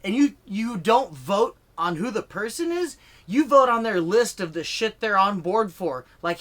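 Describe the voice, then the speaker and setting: A man's voice: high-pitched, sing-song, a little slow, few pauses, fairly bright tone. A male comedian filming himself as he rants, swearing freely and getting worked up. His talk rambles, restarts and is full of fillers as he riffs for laughs. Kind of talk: profane comedic political rant to camera. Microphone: filming himself on camera.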